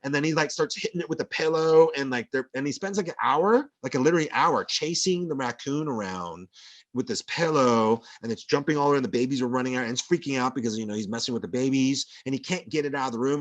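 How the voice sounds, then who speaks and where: A male professor giving a rambling, anecdotal classroom lecture full of fillers. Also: medium pitch.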